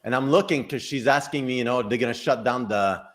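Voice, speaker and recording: A man's voice: medium pitch, a little fast. A man co-hosting a casual chat show, rambling and breaking off mid-sentence. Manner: rambling, self-interrupting, laughs at own jokes. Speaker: psychic co-host.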